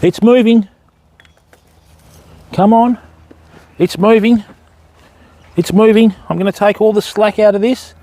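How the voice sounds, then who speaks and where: Outdoors by the water on a live fishing stream, an Australian man talks to his viewers and to some dogs. His voice is mellow and steady, unhurried, with long pauses. He is chatty and calls to the dogs in a high, sing-song voice.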